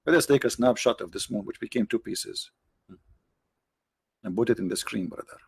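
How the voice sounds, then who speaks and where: A man with non-native English phrasing hosting a livestream, mocking his subject with rhetorical questions, his voice tired and his throat often cleared. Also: fairly low pitch, normal speed, no room sound. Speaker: livestream host. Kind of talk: mocking debate commentary.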